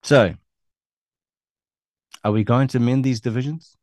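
A man's voice: medium pitch, fairly even intonation, unhurried, a little mellow, no echo, clean studio sound. A middle-aged man with a New Zealand accent hosts an online show, ranting angrily and scornfully with a lot of swearing. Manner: angry, scornful, profane ranting. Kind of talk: ranting monologue.

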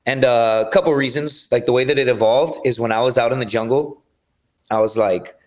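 A man's voice: mid-range voice, fairly quick, darkish tone. A man talking as a podcast guest, telling long rambling stories with lots of swearing. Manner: rambling, profane storytelling. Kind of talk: casual chat.

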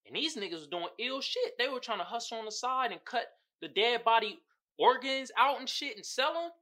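Bright, animated man recapping a show. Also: extremely high pitch, brisk. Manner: animated, profane storytelling with voiced asides. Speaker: podcast host.

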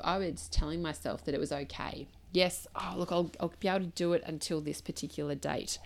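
A woman in her thirties hosting a solo podcast, talking candidly and reflectively in a loose, conversational way full of asides. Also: fairly low pitch. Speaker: podcast host.

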